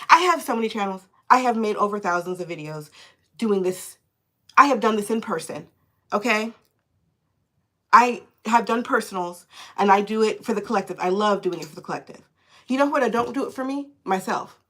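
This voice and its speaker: A woman tarot reader talking live into her phone, animated and indignant, cursing freely as she vents. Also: mid-range voice. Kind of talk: live-streamed tarot chat.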